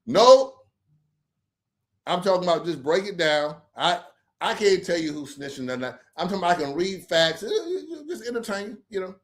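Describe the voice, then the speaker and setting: A man hosting a late-night livestream, talking in a rambling, profane, animated way. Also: high voice, normal speed. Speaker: livestream host.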